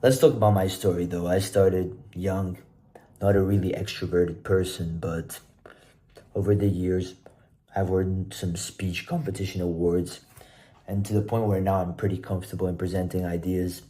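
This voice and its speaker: A young man casually sharing presentation tips to his own camera, relaxed and self-deprecating. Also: deep voice, normal speed. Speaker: presenter giving speaking tips. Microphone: self-recording camera.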